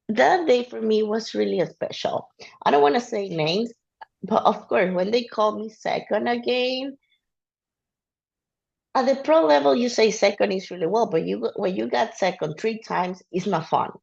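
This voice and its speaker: Venezuelan woman with a gravelly, lo-fi voice. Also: a little high, a little mellow. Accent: Venezuelan Spanish. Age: 30s. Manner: emotional, earnest storytelling in halting English. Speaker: guest athlete. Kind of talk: casual interview chat. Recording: dull lo-fi audio.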